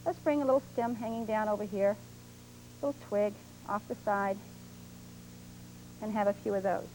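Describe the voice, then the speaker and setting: A woman's voice: medium pitch, steady tone, normal speed, dark tone, a little hiss or hum, rough recording. A woman hosting a televised painting lesson, patiently explaining each step as she paints in a studio. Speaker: painting instructor.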